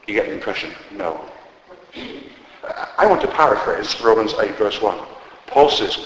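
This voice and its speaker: A low-voiced man preaches in an echoing church hall, the long reverb trailing after each phrase. He builds to loud, insistent declarations, then drops to quiet, conversational asides and gentle humour. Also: very animated, normal speed. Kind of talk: sermon.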